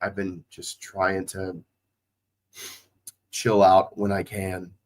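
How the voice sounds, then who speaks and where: A man's voice: deep voice, monotone, slow pace. Casual man calling plays with slight drawl. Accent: slight Southwest Ohio drawl. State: recovering from a cold. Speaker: streamer doing watch-along play-by-play. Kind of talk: casual play-by-play commentary and chat.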